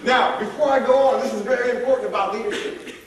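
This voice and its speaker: A man giving a lively motivational leadership workshop, rallying the audience to join in. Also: very high voice, fast talker, distant mic, crowd noise. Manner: energetic, calls on the audience to join in. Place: large echoey room at a college event. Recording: echoey room, voice heard from afar.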